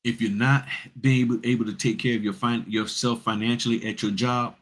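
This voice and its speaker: A man's voice: mid-range voice, fairly even intonation, brisk, fairly bright tone. A man hosting a notary business vlog, giving blunt, straight-talking advice and repeating points for emphasis.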